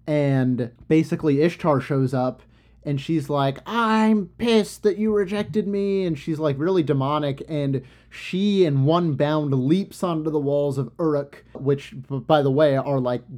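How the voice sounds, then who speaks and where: A man's voice: medium pitch, mellow. Young man casually retelling a myth. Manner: loose, rambling, slang-heavy, many fillers. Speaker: storyteller.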